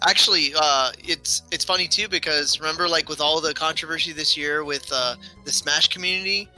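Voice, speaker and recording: A man's voice: fairly high pitch, brisk, pushed and bright, low-quality recording. A man co-hosting a casual game stream, giving firm opinions with lots of fillers. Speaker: co-host. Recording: faint game music behind.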